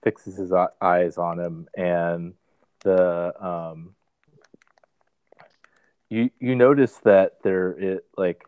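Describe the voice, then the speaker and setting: A man player talking through a tabletop game scene, halting and full of fillers. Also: sits low, steady tone, darkish tone, clear, resonant tone, no echo. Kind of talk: casual tabletop game chat. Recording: dry dull lo-fi call audio.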